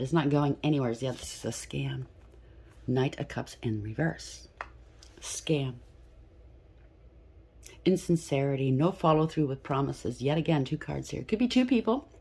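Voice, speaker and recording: Woman, tarot reader, casual reading, low pitch, breathy rasp, blunt, curses. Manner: blunt and profane, with emphatic repetition.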